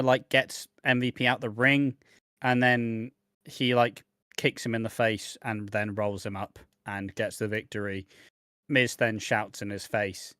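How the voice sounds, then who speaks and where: A man co-hosting a podcast, rambling through a wrestling review with sardonic asides and frequent swearing. His voice is mid-pitched and recorded dry and close. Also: fairly bright tone, clean tone, no echo. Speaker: podcast co-host. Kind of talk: casual wrestling review chat.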